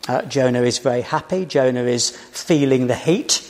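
A British man preaching a sermon in a church, telling the story in a measured way and posing rhetorical questions. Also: mid-range voice. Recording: reverberant church hall.

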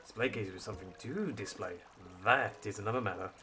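A man's voice: brisk, natural voice. A man voicing a fussy, scholarly male owl museum curator who is squeamish about bugs, reading game dialogue in a pompous, sophisticated tone. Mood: lecturing. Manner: pompous, sophisticated tone with flowery wording and sudden squeaky jumps. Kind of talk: reading game dialogue aloud in character on a stream. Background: loud game music.

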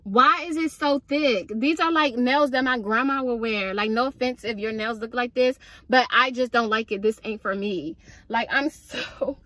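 Young woman, vlogger, frustrated venting, slightly high voice, dry recording. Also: normal speed, no room sound. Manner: frustrated, venting, animated storytelling. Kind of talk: casual vlog rant.

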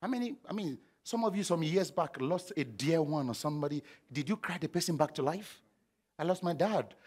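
A middle-aged man preaching a sermon, animated and humorous, acting out scenes with sound effects. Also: on the high side, a little fast, slightly rough. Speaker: pastor.

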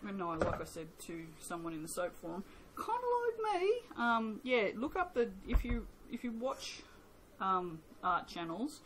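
A woman's voice: medium pitch, very animated, moderate pace, few pauses, fairly bright tone, a little hiss or hum, poor audio. An Australian woman chatting casually as she makes soap at home, rambling and joking at her own expense. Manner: rambling, chatty, self-mocking. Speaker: soap maker. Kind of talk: casual vlog chat. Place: home workshop.

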